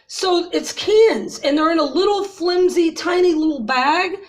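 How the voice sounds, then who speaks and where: A woman's voice: very high-pitched, a little slow. A woman in her fifties venting to her viewers in an agitated, ranting way, upset after crying and calling her audience "y'all". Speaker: vlogger. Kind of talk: emotional personal vent to viewers.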